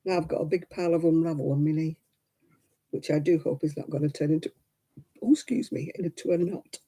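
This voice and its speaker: A woman's voice: deep voice, dark tone, slightly rough. A middle-aged woman chatting at home while she crochets, poking fun at herself and laughing often. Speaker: crafting vlogger. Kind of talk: casual chat while crocheting.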